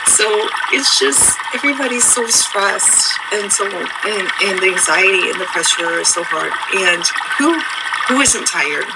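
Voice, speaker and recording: A woman's voice: medium pitch, lively intonation, measured pace, heavy background noise. A woman talking straight to her viewers in a rambling, heartfelt pep talk, earnest and reassuring, repeating herself and using many fillers. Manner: conversational storytelling. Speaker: vlogger.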